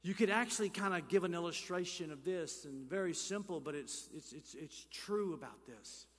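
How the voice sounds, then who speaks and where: A male pastor preaching a sermon, rising to emphatic calls, dropping to hushed near-whispers, and asking the congregation questions. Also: on the high side, expressive, moderate pace. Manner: asks the congregation questions and leads call-and-response. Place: church sanctuary. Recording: church hall reverb.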